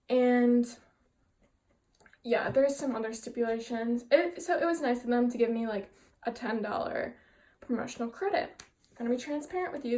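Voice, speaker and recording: A young woman with a slightly high voice recounts a story to her viewers in a sit-down vlog. She talks in an animated, exasperated way, acting out both sides of a phone call as her frustration builds. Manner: frustrated, animated retelling with quoted dialogue. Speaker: vlogger telling a story.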